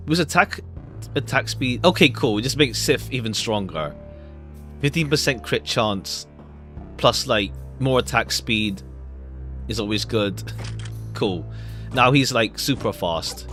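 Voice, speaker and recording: A man casually commenting on a video game as he plays, rambling with halting filler words. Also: medium pitch, animated, fairly bright tone. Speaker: let's play gamer. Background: background music.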